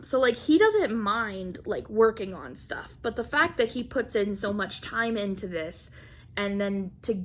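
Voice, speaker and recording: A young woman vlogger telling a story in a casual, animated way, acting out quotes and laughing often. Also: medium pitch. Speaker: craft vlogger.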